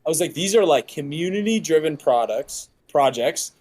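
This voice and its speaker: A young man, a podcast guest, telling stories in casual chat, animated and swearing a lot. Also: fairly high pitch, normal speed. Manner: animated, heavy swearing, laughing often.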